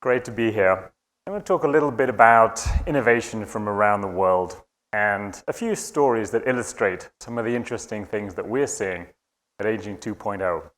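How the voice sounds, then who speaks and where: A man's voice: on the low side, normal speed, fairly bright tone. British man talking in an echoey hall. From United Kingdom. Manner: hesitant with frequent fillers. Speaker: conference speaker. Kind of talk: conference talk.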